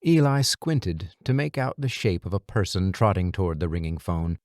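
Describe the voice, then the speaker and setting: A man narrating an audiobook in a lively, expressive storytelling manner on a close studio mic. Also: deep voice, moderate pace, no echo. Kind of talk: scripted narration.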